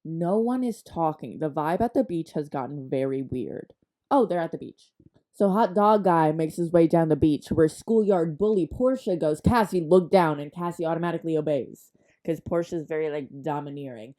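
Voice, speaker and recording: A woman recaps a story with sarcastic, chatty, exaggerated asides. Her voice is low-pitched, warm and mellow. The delivery is loose and conversational. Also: moderate pace. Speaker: book recap vlogger.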